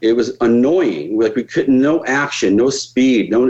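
A man tells stories as a podcast guest, loose and profane, jumping into other people's voices as he goes. His pitch sits in the ordinary male middle. The recording sounds a little muffled. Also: measured pace, few pauses. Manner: profane, animated, acts out quoted voices. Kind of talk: casual storytelling on a podcast.

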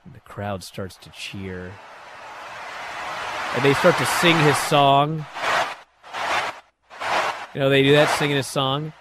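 A man casually recapping a wrestling show, animated and sarcastic, acting out quotes with sudden bursts. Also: medium pitch, slow, pauses often, heavy background noise.

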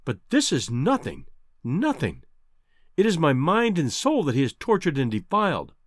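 A man's voice: on the high side, huge pitch swings, normal speed, no echo, studio quality. A man reading aloud and voicing a distraught, fierce young married woman with an emotional, pleading manner. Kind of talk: audiobook character voice.

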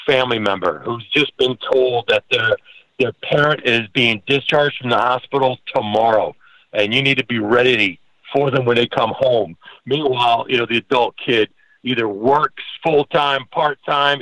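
Man, home care owner, earnest and halting, mid pitch, dry close recording. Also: a bit bright, no echo, poor audio. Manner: earnest, halting with many restarts and fillers. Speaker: podcast host and home care business owner. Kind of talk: conversational guest talk.

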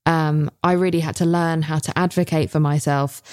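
A woman in her thirties with a low-pitched voice, talking candidly as a podcast co-host. She swears freely and tells stories with animated energy. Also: moderate pace, clear, resonant tone. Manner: frank and swearing, animated storytelling. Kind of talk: candid casual chat.

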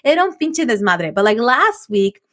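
A woman in her forties co-hosting a podcast, telling a story in casual chat and mixing Spanish into her English. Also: a little high. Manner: fast, animated, mixes Spanish into English. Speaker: podcast co-host.

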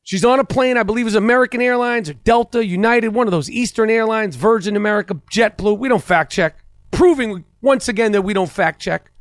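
A man with a strikingly high voice rants on a talk show, crude and incredulous, piling on the outrage. The sound is close and dry, with no room around it. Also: a little fast, dry recording. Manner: heated, crude, incredulous ranting. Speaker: host. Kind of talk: profane comedic rant.

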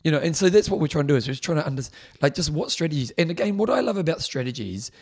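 A man's voice: fairly high pitch, sing-song, racing, breathy edge. A man co-hosting a podcast in casual chat. He talks in a chatty, coaching way and laughs easily. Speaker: podcast co-host.

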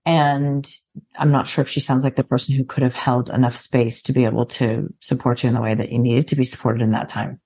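A woman's voice: rumbling low, little pitch movement, a little fast, warm tone, slightly rough. A woman hosting a podcast interview, responding with sympathy and short affirmations. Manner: supportive, reacts with short affirmations. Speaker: podcast host. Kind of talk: empathetic interview.

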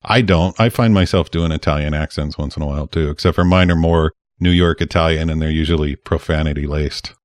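A man's voice: rumbling low, steady tone, fairly quick, hardly any pauses, no echo. A man co-hosting a podcast in casual chat, easygoing and upbeat, often giving short agreeing replies. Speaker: podcast co-host.

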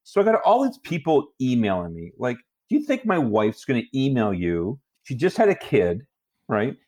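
A man's voice: mid-range voice, wildly swooping pitch, normal speed, a little mellow. A man co-hosting a podcast, telling a story in rambling casual chat and laughing often. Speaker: podcast co-host.

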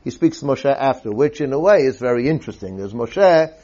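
A man's voice: mid-range voice, lively intonation, brisk, dark tone, highs cut off. A man teaching scripture in a lecture, explaining step by step and often checking in with his listeners by asking "okay?". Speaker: Bible teacher.

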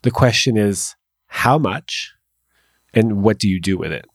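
A man's voice: on the low side, lively intonation, unhurried, dry recording, studio quality. A man hosting a podcast interview, frankly sharing a personal story.

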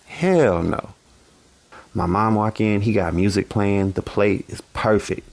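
A young man telling a personal story in a casual, animated way with lots of slang. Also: on the low side, measured pace, pauses often, soft background music.

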